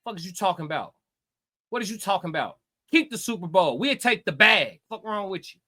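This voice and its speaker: Brash, high-voiced trash-talking streamer man. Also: expressive, fairly quick, pushed and bright. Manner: brash, profane, taunting, repeats himself. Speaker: streamer reading chat. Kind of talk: live reaction stream, trash talk.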